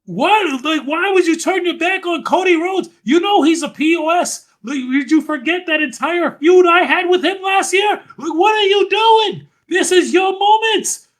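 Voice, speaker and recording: A man's voice: very high voice, normal speed, few pauses, voice pushed up. A man doing an impression of a brash male wrestler, scolding with a mock French accent. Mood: exasperated. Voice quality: shouting, exasperated.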